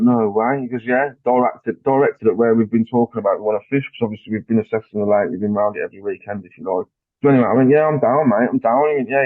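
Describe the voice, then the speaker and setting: A man guest on a podcast, telling a story in casual chat, animated and swearing, acting out what people said. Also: on the low side, no echo. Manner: animated, swears, acts out dialogue. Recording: dry tinny phone-like line.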